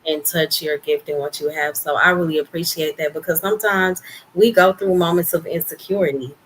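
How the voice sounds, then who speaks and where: Earnest, expressive woman with a lowish voice. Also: fairly quick, slightly rough, poor audio. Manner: warm, expressive and earnest, with frequent "like" and "you know". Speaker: podcast co-host. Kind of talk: casual chat. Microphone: studio microphone, podcast setup.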